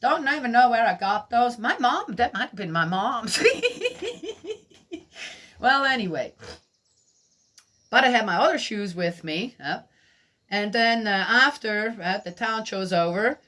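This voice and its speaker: This middle-aged Swiss woman has a fairly high, animated voice with a sharp tone, and she speaks unhurriedly with long pauses. She teaches a Bible lesson as a storytelling sermon, sharing personal stories in a chatty, laughing way and putting questions to her listeners.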